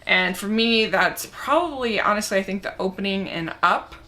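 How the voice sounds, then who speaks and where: Young woman chattering about films, bright clear voice, mid pitch, eager and talky. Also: normal speed. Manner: chatty and enthusiastic. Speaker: movie reviewer. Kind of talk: casual chat answering a movie tag.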